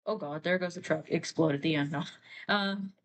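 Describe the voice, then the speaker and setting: A woman's voice: deep voice, fairly quick. Woman artist, streaming, drawing, chatty, giggly, casual narration. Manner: chatty, giggly, full of fillers. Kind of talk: casual storytelling while drawing.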